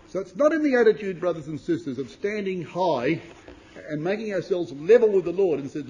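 Man, high pitch, sermon, emphatic, loud then hushed, old-fashioned scripture reading. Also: big pitch swings, fairly quick, lo-fi sound, a little hiss or hum. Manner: emphatic, rising to loud declamation then dropping low; reads scripture in old-fashioned King James wording. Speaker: preacher.

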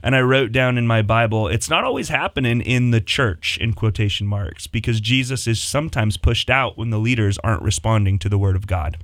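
A man co-hosting a pastors' discussion show, retelling scripture in a lively, conversational way. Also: medium pitch, fairly quick, few pauses, no room sound, clean studio sound. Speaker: pastor co-host.

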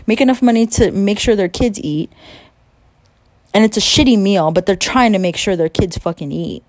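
Speaking at a moderate pace with a medium-pitched voice, a young woman vents angrily late at night, cursing and hammering each word. The audio has no echo. Her imitations of other people come out whiny and mocking.

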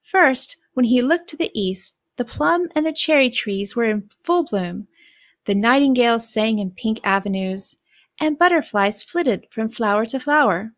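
A woman narrating a fairy tale in a clear, descriptive reading voice. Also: a little high, animated, unhurried, no echo, clean studio sound. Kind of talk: storybook reading.

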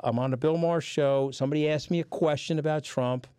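A man's voice: on the high side, steady tone, quick pace, warm tone, clean tone, no room sound, clean studio sound. A middle-aged man with a New York accent, guest on a casual chat show, telling stories bluntly and swearing freely. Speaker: podcast guest. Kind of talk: profane storytelling in casual chat.

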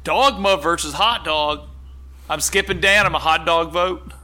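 High bright-voiced laughing man. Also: a little slow. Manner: laughing, playful. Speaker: podcast host running a bracket vote. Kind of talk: casual comedic chat.

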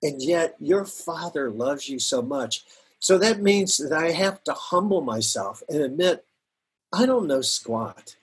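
A middle-aged man speaking as a guest pastor in an earnest, reflective faith conversation, often laughing softly and repeating words. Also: on the high side, animated, unhurried, husky.

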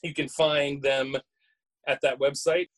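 A man's voice: a little high, little pitch movement, unhurried, rough recording. A man co-hosting a podcast in casual chat, playful and teasing, often stammering over restarts. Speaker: podcast co-host.

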